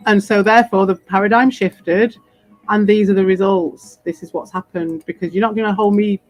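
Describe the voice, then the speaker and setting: A British woman in a casual, rambling monologue, swearing freely, laughing often and sounding defiant. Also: medium pitch. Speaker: crypto streamer.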